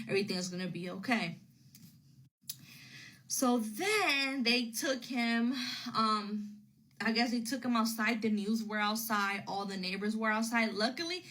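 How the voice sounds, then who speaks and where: A woman's voice: a little high, a bit bright, rough recording. A woman casually telling a personal story to her phone camera, rambling and repeating herself as she retells what people said.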